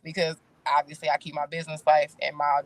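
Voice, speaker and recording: A woman's voice: deep voice, level tone, fast talker, no echo. A woman in her thirties, a talk show guest, speaking candidly in casual chat with blunt, slangy phrasing. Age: 30s.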